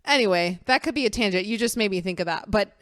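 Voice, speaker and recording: A woman's voice: medium pitch, fast, dry recording, studio quality. A young woman co-hosting a film podcast in casual, chatty talk, giggling often and acting out her own reactions. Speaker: podcast co-host.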